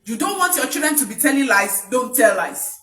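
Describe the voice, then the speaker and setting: A woman's voice: high voice, expressive, fairly quick, a bit bright, faint music behind. A woman, coaching parents in an emphatic talk that repeats key points. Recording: echoey room, voice from a distance.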